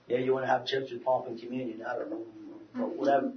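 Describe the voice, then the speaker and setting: A man giving an animated church talk to a group, telling stories with many restarts. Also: mid-range voice, fast, hardly any pauses. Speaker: speaker. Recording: roomy, distant, dull lo-fi sound.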